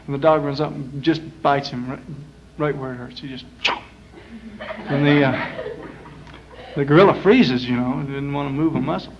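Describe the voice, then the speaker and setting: A man's voice: medium pitch, moderate pace, noisy background. Man rambling through jokes on stage. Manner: rambling, folksy, many uhs. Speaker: performer. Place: small lounge. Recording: muffled 1960s live club tape.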